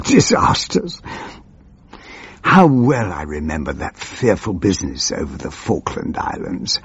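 A man's voice: on the low side, husky, no room sound, lo-fi sound, exaggerated voice. An actor playing a doddering, forgetful old male member of parliament who rambles pompously through his muddled memories. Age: older. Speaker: comic character monologue. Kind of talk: scripted comic monologue.

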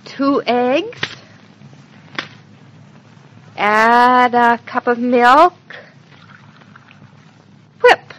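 An actress playing a scatterbrained, excitable young pregnant wife in a 1940s-style radio drama. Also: female voice, on the high side, drawn-out words, full character voice. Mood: muttering. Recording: dull old radio recording.

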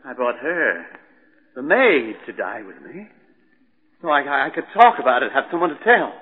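A man's voice: medium pitch, big pitch swings, normal speed, slightly rough. An actor playing a desperate, unhinged male chemist in a vintage radio drama, ranting and quoting scripture with stammers. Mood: ranting, despairing. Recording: tinny band-limited old recording, echoey.

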